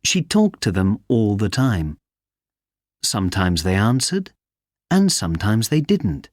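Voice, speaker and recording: Rich: A man reads a simple story aloud for English learners, slow and careful. His low voice moves in lively rises and falls, recorded close and dry. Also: no room sound.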